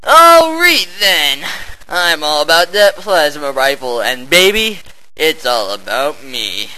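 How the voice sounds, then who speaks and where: A man giving over-the-top, theatrical narration while playing a shooter game, full of shouty bravado. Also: a little high, big pitch swings, slow pace, no echo, poor audio. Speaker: game player. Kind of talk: hammy gameplay narration.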